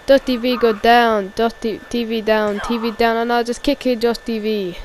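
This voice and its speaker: A woman giving excited amateur play-by-play wrestling commentary, repeating each call and shouting at the big moves. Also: a little high, normal speed, a little hiss or hum, low-quality recording.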